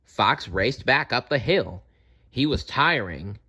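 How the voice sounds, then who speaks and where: A man reads a children's animal story aloud at an unhurried pace. His voice swings widely in pitch to bring the tale to life. The tone is bright and clear. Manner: slow, expressive read-aloud.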